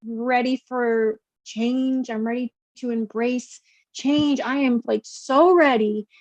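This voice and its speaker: A woman's voice: on the high side, steady tone, slow, no echo. A woman calling in, chatty and searching for words, full of "like" and "you know". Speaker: caller. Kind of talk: casual call-in chat. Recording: dull dry call-in line.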